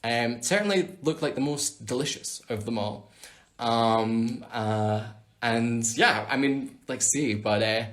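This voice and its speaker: A man's voice: mid-range voice, slow, a bit bright. A Scottish man hosting a casual live Q&A on his phone, chatting playfully and reading out viewer questions. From Scotland. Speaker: livestream host answering fan questions.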